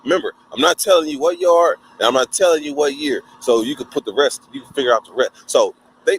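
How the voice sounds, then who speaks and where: Man, casual storytelling vlog, profane, lively pitch. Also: slight background noise, rough recording. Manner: profane, animated, acts out others' voices in a high pitch. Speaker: vlogger, former prisoner.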